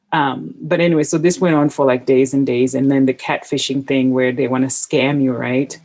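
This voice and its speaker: A woman's voice: a bass voice, steady tone, brisk, hardly any pauses, a little mellow. A woman hosting a podcast, chatting casually and telling a personal story with plenty of fillers. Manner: chatty, anecdotal, with frequent fillers. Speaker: podcast host.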